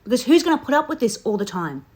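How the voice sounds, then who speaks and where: A woman's voice: a little high, big pitch swings, fast, darkish tone. A woman hosting a casual reaction chat about a reality show, emphatic and opinionated, often repeating herself. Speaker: reaction channel host.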